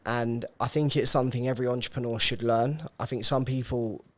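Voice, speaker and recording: A young man co-hosting a podcast, chatting casually and telling stories in quick, animated bursts. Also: medium pitch. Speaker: podcast co-host.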